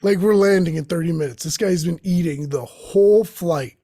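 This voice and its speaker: A young man hosting a show rambles through a profane comic monologue, leaping between tangents and slipping into quick impressions of the people he quotes. His voice is high, slightly husky and warm, recorded dry and close to the mic with no room sound.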